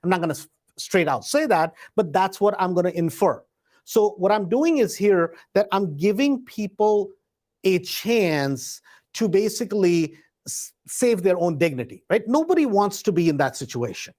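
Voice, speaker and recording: A man teaching real estate investing in a loose, conversational way, often checking in with the listener with a quick "right?". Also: high voice, big pitch swings, a little mellow. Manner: conversational, peppers points with a tag question "right?"; acts out door-knocking scripts in a hesitant, searching tone. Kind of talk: live instructional talk.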